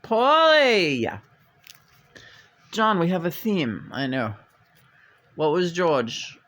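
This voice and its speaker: A tarot reader with a fairly high, animated voice talks slowly and playfully as he works through a reading. He's hesitant and wandering, with bits of sing-song meowing mixed in.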